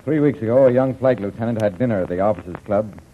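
A man voices a cautious army major who speaks in a measured, officious way. His voice sits low, in 1940s radio-acting style. The recording is thin and tinny, with faint hiss. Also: lightly acted. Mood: briefing.

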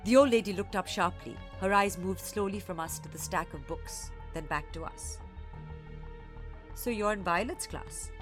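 A woman storyteller reading a children's story aloud, expressive and acting out each character. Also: fairly low pitch, moderate pace, hardly any pauses, music in the background.

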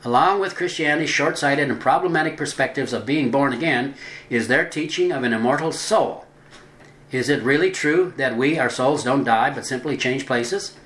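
Male religious narrator, mid-pitched, measured reading with stretched emphasis, echoey room. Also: fairly bright tone. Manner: deliberate, drawing out stressed words. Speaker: religious teacher. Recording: roomy echo.

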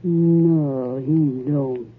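A coarse, greedy young wife in an old radio play, drawling and goading in a husky voice. The broadcast sound is thin and tinny, like an old phone line. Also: female voice, a bass voice, fairly even intonation, drawn-out words, soft background music, heavily acted. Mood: scheming. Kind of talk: 1940s radio acting.

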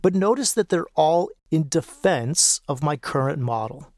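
Male podcast host, fairly high-pitched, calm reflective teacher, repeats phrases, dry close mic. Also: a little slow, no room sound. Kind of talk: solo teaching talk.

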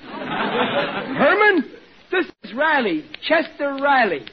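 A flustered Brooklyn blunderer. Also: male voice, very high-pitched, sing-song, slow, some chatter behind, exaggerated voice. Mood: blustering. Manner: stammering, flustered. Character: blundering good-hearted working-class husband. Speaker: sitcom lead. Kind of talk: 1940s radio acting. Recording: muffled old radio broadcast with faint hiss.

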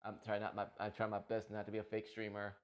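A man's voice: fairly low pitch, completely flat delivery, quick pace. A man talking about his day as a streamer in a casual, emotional, rambling monologue full of restarts. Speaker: streamer and podcast host.

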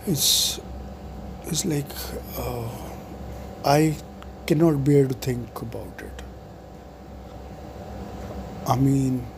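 A video blogger in his forties talks to camera in a meandering monologue full of fillers and restarts. His mid-range voice is darkish, with slight background noise.

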